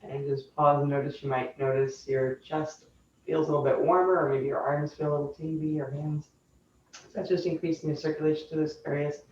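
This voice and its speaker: A woman yoga instructor calmly guiding a chair yoga class, cueing breath and movement step by step. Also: low voice, fairly quick, slight background noise. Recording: roomy, distant, dull sound.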